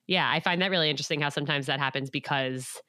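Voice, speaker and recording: A woman hosting a casual interview, conversational and quick with short reactions. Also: low-pitched, pushed and bright, no room sound, clean studio sound. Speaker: host.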